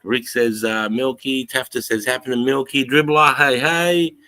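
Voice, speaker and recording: A man's voice: mid-range voice, fairly even intonation, moderate pace, sharp tone. A middle-aged Australian man hosting a casual livestream, greeting viewers in a laid-back, sweary way. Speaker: livestream host.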